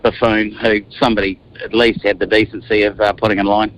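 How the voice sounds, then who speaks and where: A New Zealand man around fifty, a radio guest telling lively stories from a moving car. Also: on the low side, a little fast, rough recording. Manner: animated storyteller, acts out quotes. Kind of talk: casual radio interview.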